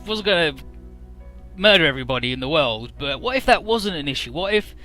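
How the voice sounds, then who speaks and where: A man's voice: on the high side, sing-song, fairly quick, pushed and bright, soft background music. A man voicing a confused, gloomy teenage boy pilot in a game recap, musing aloud. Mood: puzzled. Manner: puzzled, musing.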